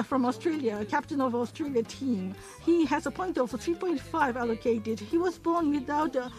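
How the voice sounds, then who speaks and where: A woman interprets a program into English on the fly, her high voice pausing and filling gaps as she keeps up. Soft music plays faintly behind her. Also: low-quality recording. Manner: halting, with frequent pauses and fillers.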